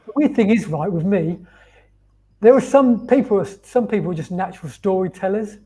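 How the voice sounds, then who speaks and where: Male fight reporter, high, warm voice, eager storyteller on a video call. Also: animated, moderate pace, slightly rough. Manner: enthusiastic, anecdotal. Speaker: show co-host and fight reporter. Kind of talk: casual live watch-along chat.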